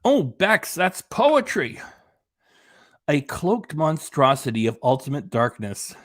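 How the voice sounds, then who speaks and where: A man's voice: a little high, big pitch swings, slow, a bit bright, no echo. Sarcastic man in dry commentary. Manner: sarcastic, rambling. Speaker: reaction channel host. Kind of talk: casual commentary.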